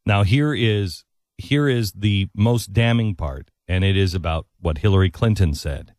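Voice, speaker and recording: A male talk-show host giving commentary in an animated, emphatic, incredulous way. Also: lowish voice, unhurried, dry recording, clean studio sound. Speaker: radio host.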